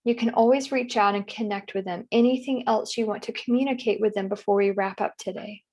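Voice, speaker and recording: Woman practitioner with a medium-pitched voice, softly asking guiding questions. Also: steady tone, a little fast, hardly any pauses. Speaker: session practitioner. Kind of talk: guiding a trance session.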